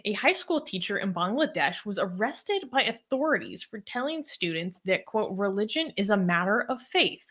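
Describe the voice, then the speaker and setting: A woman reads news stories and quoted statements aloud, then drifts into loose, casual commentary. Her voice sits at an everyday middle pitch. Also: fairly bright tone. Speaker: co-host reading news stories. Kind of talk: reading news and casual chat.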